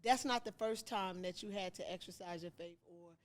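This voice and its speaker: A woman's voice: fairly low pitch, normal speed. A woman hosting a podcast, asking her guest questions in a playful, coaxing casual chat. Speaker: podcast host.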